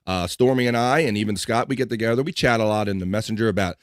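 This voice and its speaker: Rambling low-voiced host with a Mid-Atlantic twang. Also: male voice, fast talker, dry recording, clean studio sound. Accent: Mid-Atlantic American, slight twang. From Mid-Atlantic United States. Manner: rambling, chatty, restarts his sentences. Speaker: podcast host. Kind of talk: casual live-stream chat.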